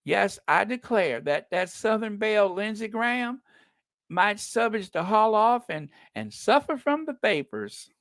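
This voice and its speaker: A man's voice: on the high side, big pitch swings, normal speed, fairly bright tone, dry recording, clean studio sound. A man putting on the voice of a flustered, dramatic Southern belle, drawling and swooning. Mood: fretful.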